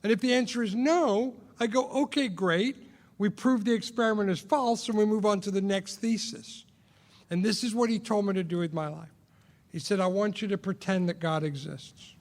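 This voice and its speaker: A man with a fairly high voice talks through a recovery step in a personal sharing style. He asks himself questions out loud, repeats lines for emphasis and pokes fun at himself. His voice rings out with a long reverb, as in a hall. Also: moderate pace. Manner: rhetorical questions, self-mocking, emphatic repetition. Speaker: AA sponsor sharing on the steps.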